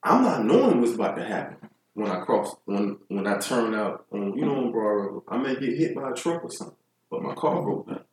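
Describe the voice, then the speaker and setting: A man's voice: lowish voice, sing-song, fairly quick, far from the mic. Reflective man, echoey and off-mic. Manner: reflective, philosophical. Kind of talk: casual chat.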